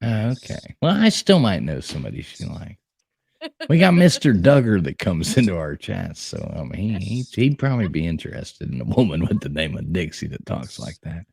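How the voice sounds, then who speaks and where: Gravelly Southern man, teasing host. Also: low voice, normal speed. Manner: teasing, laughing, animated. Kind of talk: casual livestream chat.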